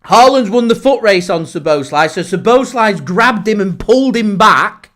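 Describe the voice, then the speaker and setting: A man giving live watchalong commentary on a football match for his fan channel, calm one moment and shouting the next. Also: high-pitched, normal speed. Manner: excitable, shouts and laughs in disbelief at big moments.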